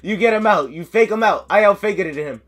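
A man giving excitable live gameplay commentary, yelling, chanting cheers and talking himself through nervous moments. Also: high-pitched, fast. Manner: yells and chants, sings cheers, flustered self-talk. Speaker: gaming commentator.

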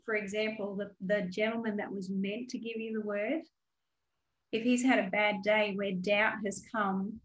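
A woman's voice: medium pitch, low-quality recording. A woman guest, a mentor who runs an online course, speaking earnestly and explaining her point in a casual video-call chat. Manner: earnest, teaching tone.

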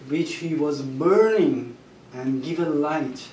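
A man with a Persian accent and Persian as his first language, telling personal stories at a gathering, halting and restarting, with soft laughs. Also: on the high side, expressive, slight background noise. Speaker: storyteller at a gathering. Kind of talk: personal storytelling. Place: gathering room. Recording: echoey room, mic far off.

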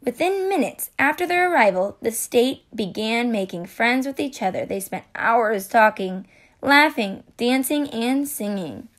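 A woman reading a children's picture book aloud in a playful, expressive storytelling manner. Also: on the high side, measured pace.

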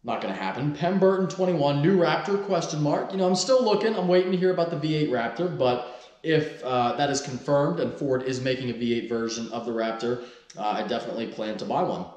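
A man's voice: mid-range voice, brisk, darkish tone, roomy sound, dull audio. A man in his twenties, a car vlogger in casual vlog talk, loose and joking, who swears freely. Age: 20s.

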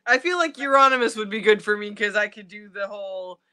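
A woman co-hosting a podcast in casual chat, giggly and animated. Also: mid-range voice, fairly quick, smooth, dry recording, studio quality. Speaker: podcast co-host.

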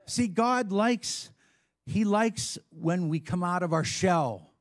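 A man's voice: high voice, takes it slowly. A man preaching a sermon as a pastor, talking in a conversational way with frequent asides and call-and-response with the congregation.

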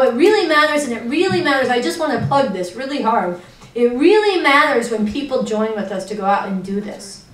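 Woman activist talking fast and earnest, kinda high voice, roomy echo. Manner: urgent, earnest, storytelling. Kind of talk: impassioned spoken talk. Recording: roomy echo, distant mic.

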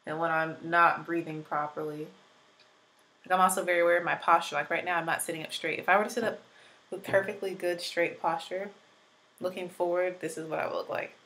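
Twenties female vlogger, lowish pitch, casual filler-heavy tutorial chat, just getting over an illness. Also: little pitch movement, brisk, fairly bright tone, poor audio. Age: 20s. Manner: chatty, rambling, many "like" fillers. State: recovering from illness. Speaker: beauty vlogger.

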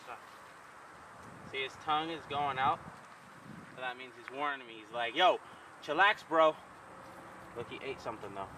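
A man's voice: mid-range voice, fairly quick, long pauses, pushed and bright, a little hiss or hum. A young man vlogging casually while walking through an outdoor park, joking and ranting in mock exasperation.

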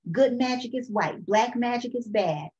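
A bitter young boy snaps and shouts in sarcastic bursts, as a woman puts him on. The voice is loud and cutting. The recording is muffled and lo-fi. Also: on the high side, lively intonation, moderate pace, voice pushed up, lightly acted. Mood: raging.

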